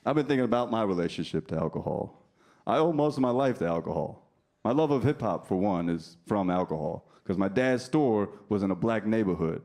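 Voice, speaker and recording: A man's voice: fairly low pitch, lively intonation, fairly quick, a little mellow. A man in his thirties doing a stand-up set, brash and profane, teasing the crowd. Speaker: stand-up comedian. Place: comedy club stage. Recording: live club recording with faint crowd.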